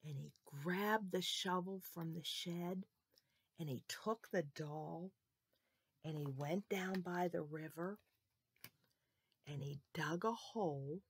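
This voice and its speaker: A woman telling a Bible story to children, expressive and asking her listeners questions. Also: fairly low pitch, slow pace, pauses often, husky.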